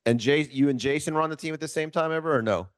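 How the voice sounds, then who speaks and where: A man's voice: on the high side, fast, no echo. Chatty guy hosting a sports podcast, rambly joking questions, dry mic. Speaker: podcast host. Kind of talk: casual interview chat.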